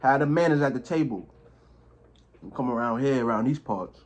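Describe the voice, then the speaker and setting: A man's voice: mid-range voice, lively intonation, normal speed. A young man talking casually to camera as he eats a meal, with loose slangy banter and food in his mouth at times. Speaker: mukbang vlogger. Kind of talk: casual talk to camera while eating.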